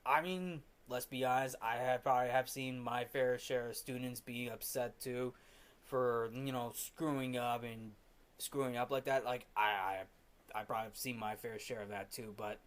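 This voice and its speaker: A man hosting a casual film review, rambling through the scenes with many restarts. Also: mid-range voice.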